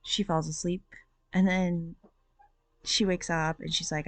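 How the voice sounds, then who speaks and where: Chatty woman reviewing books, lower voice. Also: flat delivery, unhurried, fairly bright tone, no echo. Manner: chatty, rambling, with many fillers. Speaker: book review host. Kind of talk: casual book review chat.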